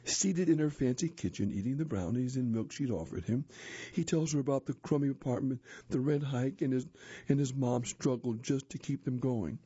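A man narrating a story and a handbook aloud in a steady, expressive reading voice. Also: mid-range voice, normal speed, slightly rough, no echo. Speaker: narrator, reader. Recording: dull lo-fi dry recording.

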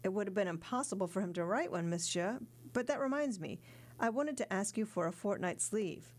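A woman's voice: medium pitch, animated, fairly quick, a little mellow, natural voice. A woman reading the part of an earnest young male sailor in an audiobook, respectful and sincere.

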